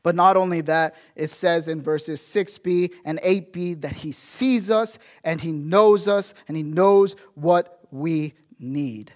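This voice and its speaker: High-voiced man preaching a sermon. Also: slow pace, hardly any pauses. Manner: storytelling preacher, acts out quotes, rhetorical questions. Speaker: pastor.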